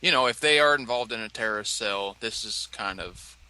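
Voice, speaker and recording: A man's voice: on the low side, fairly quick, sharp tone, smooth, no room sound, low-quality recording. A man co-hosting a casual chat show, telling a rambling story with lots of filler words. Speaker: podcast co-host.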